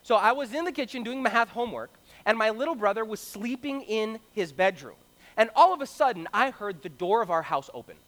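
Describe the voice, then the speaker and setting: A young man from Brazil telling a story in an animated sermon, acting out the voices of the people in it. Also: sits high, fairly quick. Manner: animated, acts out quoted voices. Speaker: preacher. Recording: long hall reverb.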